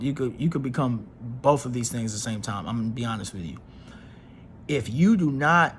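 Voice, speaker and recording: A man's voice: mid-range voice, a little hiss or hum. A man giving a casual astrology reading to his viewers in an emphatic, preachy way. He repeats phrases and uses slang. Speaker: astrology reader.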